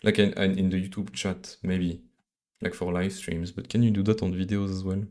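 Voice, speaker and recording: A man from Belgium with a French accent, live-coding on a stream and thinking aloud in a halting, mumbling way full of fillers and restarts. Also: sits low, flat delivery, darkish tone.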